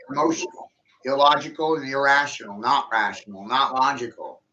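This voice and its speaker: A man's voice: mid-range voice, moderate pace, bright, forceful tone, slight background noise, rough recording. A man holding forth in a blunt, opinionated casual chat. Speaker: host.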